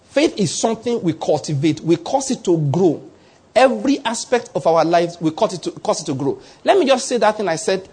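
A Nigerian preacher delivers a sermon in a slightly raised, husky voice. He is animated and conversational, slipping into little voices to act out scenes. He keeps asking whether the listener gets his point. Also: on the high side. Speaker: pastor.

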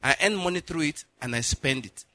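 Lively high-voiced preacher from Nigeria. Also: male voice, a little fast, dry recording. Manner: animated storyteller, acts out dialogue, laughs often. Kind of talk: sermon storytelling.

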